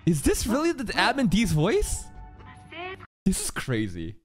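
Woman, anime reaction streamer, excitable, profane, lively intonation, faint music behind. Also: medium pitch, unhurried. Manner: excitable, profane, laughs often, thinks aloud. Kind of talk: casual live reaction commentary.

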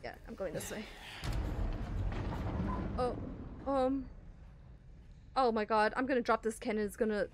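A woman's voice: on the high side, unhurried, long pauses, background noise. A woman gaming streamer giving jumpy, easily scared let's play commentary with constant exclamations.

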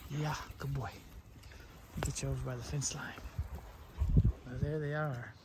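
A man's voice: mid-range voice, fairly even intonation, a little slow. Chatty man filming outdoors, noisy audio. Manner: chatty, loudly calling his dogs. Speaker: dog breeder. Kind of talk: casual vlog narration. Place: outdoors at a dog kennel yard. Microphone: handheld camera filming alone.

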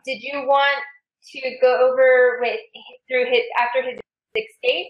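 Woman, author guest, earnest explaining, slightly high voice, echoey room, muffled call audio. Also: steady tone, a little slow. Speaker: author being interviewed. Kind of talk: remote interview conversation.

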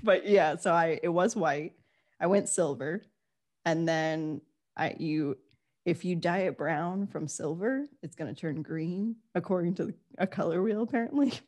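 A woman's voice: lowish voice, a little slow, a little mellow. A woman who does improv comedy, guesting on a podcast and chatting in a giggly, rambling, self-deprecating way. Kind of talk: casual comedy podcast chat.

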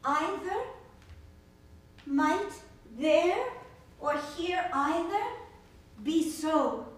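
An actress playing an anxious younger sister who questions herself in halting, wondering phrases on a stage. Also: female voice, extremely high pitch, exaggerated voice. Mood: uneasy, musing. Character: younger sister lying still, anxious, speaking only in her mind. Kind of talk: stage play reading. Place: theater stage. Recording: echoey stage from far off, faint noise.

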